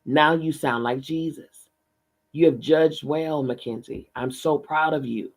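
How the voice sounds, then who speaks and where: A man reading as a calm, wise spirit woman. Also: fairly high pitch, a little slow, poor audio. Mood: gentle. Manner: steady, patient questioning. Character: calm, wise, gentle female spirit guide. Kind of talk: audiobook reading.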